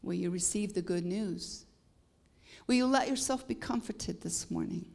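A Canadian-accented woman preaching a sermon, building to emphatic peaks and easing into playful asides. Her mid-pitched voice carries a gravelly fry. She speaks as a visiting preacher addressing a congregation. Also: normal speed, a little mellow. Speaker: guest preacher.

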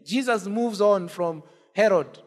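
A man with a high voice preaches an impassioned sermon from the pulpit. His voice rings with the long reverb of a church hall, and it climbs on repeated cries. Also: measured pace. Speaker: pastor.

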